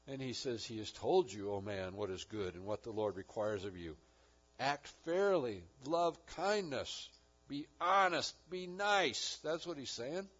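A man's voice: mid-range voice, lively intonation, unhurried, breathy edge. A man preaching a sermon as pastor, earnest, with rising and falling emphasis. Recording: dull lo-fi recording.

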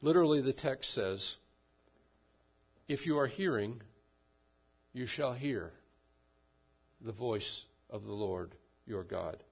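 A man preaching a sermon and leading a prayer, with slow, measured delivery and repeated refrains. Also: mid-range voice, creaky, breathy edge, muffled recording. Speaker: pastor.

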